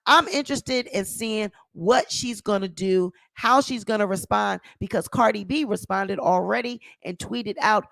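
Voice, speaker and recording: A woman's voice: mid-range voice, measured pace, creaky, fairly bright tone, no room sound. A woman hosting a gossip commentary channel, talking emphatically and repeating phrases for effect. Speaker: channel host.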